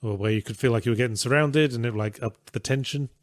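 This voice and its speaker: A man's voice: medium pitch, fast, no echo. Sweary sardonic man, dry sound. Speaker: podcast co-host reading donations. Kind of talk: casual chat.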